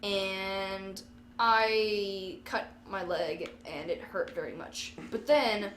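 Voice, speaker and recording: A young woman telling a silly improvised story in a casual comedy chat, halting and hesitant. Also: mid-range voice, fairly bright tone. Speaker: co-host. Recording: echoey room.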